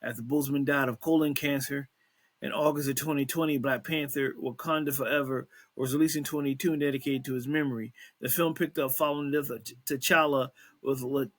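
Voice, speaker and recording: A young man hosting an entertainment news podcast, chatting loosely with many fillers and restarts and reading out news items. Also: medium pitch. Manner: reads news items aloud, then adds his own take. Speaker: podcast host. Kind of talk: casual entertainment news chat.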